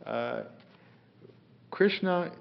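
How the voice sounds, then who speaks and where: A man's voice: a little high, expressive, very slow, vocal fry, slight background noise. A man teaching a scripture class, telling stories unhurriedly with many fillers and voicing the figures in them. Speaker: spiritual teacher. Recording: echoey room, dull lo-fi sound.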